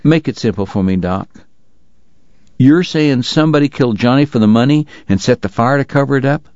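A man's voice: medium pitch, fairly quick, a little mellow, no room sound, dull audio, pitched above the performer's own voice, natural voice. A man doing a tired blunt lawman. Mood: uneasy.

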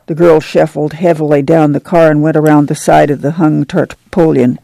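A woman reads a novel aloud in a steady, even narration. Her voice is mellow with a gravelly edge, recorded dry and close. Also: low-pitched, normal speed, few pauses, no echo. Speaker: audiobook narrator. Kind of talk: scripted narration.

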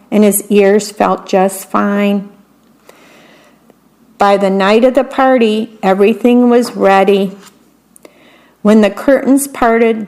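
A woman's voice: mid-range voice, a little mellow. A woman reading a picture book aloud, stopping to comment on what each picture shows. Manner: adds chatty commentary on the pictures. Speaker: story reader.

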